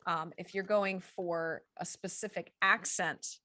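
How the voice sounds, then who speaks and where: A woman with a Midwestern American accent, a film acting coach, giving advice in a casual panel chat with an animated, instructive manner. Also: on the low side, slow pace, no echo.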